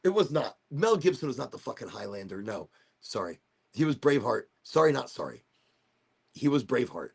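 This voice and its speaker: A man's voice: medium pitch, big pitch swings, a little fast, creaky, darkish tone, slightly rough. A man hosting a casual livestream chat, rambling from topic to topic and losing his thread. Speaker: host of a livestream talk show.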